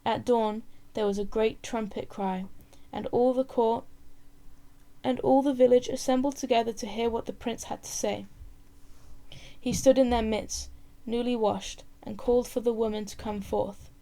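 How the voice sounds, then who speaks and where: A woman reading a novel aloud in measured storybook narration. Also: on the high side, fairly even intonation, gravelly, mellow. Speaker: reader.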